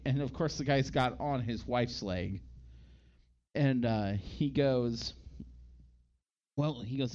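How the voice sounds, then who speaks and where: A man's voice: medium pitch, slow, long pauses, a little mellow. Man, podcast co-host, casual rambling recap, slightly dull lo-fi sound. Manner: rambling, acts out quotes in put-on voices. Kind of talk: casual chat.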